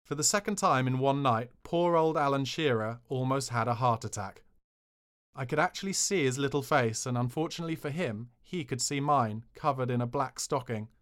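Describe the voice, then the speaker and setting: A man reads a comic memoir aloud for a podcast. His delivery is dry and cheeky, in a mid-pitched voice. He sounds like he is enjoying the mischief. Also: normal speed, fairly bright tone. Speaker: podcast narrator.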